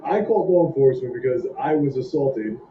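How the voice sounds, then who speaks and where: A man's voice: mid-range voice, lively intonation, brisk. A man in a video clip complaining to camera in an aggrieved, indignant way. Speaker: self-styled auditor in a video clip. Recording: echoey lo-fi clip with background noise.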